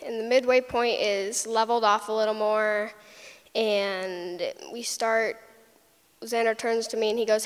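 A woman's voice: fairly high pitch, steady tone, unhurried, clear, resonant tone. A young woman telling a personal story, retelling it vividly with little sound effects. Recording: long hall reverb.

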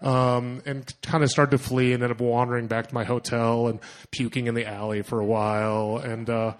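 A young man telling a personal story to an audience, animated and self-mocking, acting out his own thoughts in asides. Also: medium pitch, normal speed. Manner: animated, self-mocking, lots of fillers and acted-out inner voices.

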